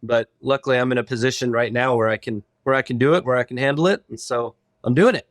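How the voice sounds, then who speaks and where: A man's voice: medium pitch, fast talker, dry recording, studio quality. Easygoing male guest telling stories. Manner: easygoing, storytelling. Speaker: podcast guest, lawyer and pilot. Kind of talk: casual interview chat.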